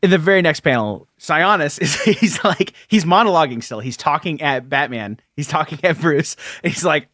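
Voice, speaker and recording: Seorang pria membawakan podcast bersama, mengobrol santai tentang komik, sering tertawa dan cepat menyetujui lawan bicaranya. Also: male voice, fairly high pitch, expressive, brisk, hardly any pauses, a bit bright, no room sound, studio quality. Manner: chatty, laughs often, eager agreement. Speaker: podcast co-host. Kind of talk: casual comic book discussion.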